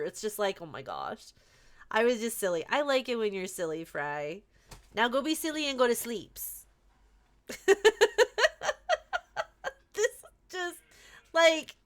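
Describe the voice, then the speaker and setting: A woman's voice: on the high side, a bit bright. A woman streaming a game live from home, bubbly and giggly, chatting affectionately with her viewers.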